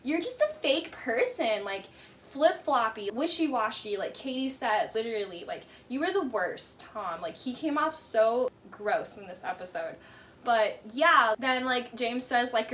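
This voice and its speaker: Woman, high voice, blunt, sarcastic, casual commentary, faint hiss behind. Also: animated, moderate pace, fairly bright tone. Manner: blunt, sarcastic, mocking impressions. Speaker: show commentator.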